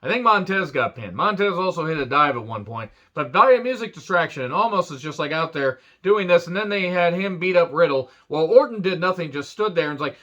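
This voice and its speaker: A man's voice: on the high side, lively intonation, brisk, few pauses, pushed and bright, lo-fi sound. A man casually recapping a wrestling show, rambling into crude jokes and sarcastic asides.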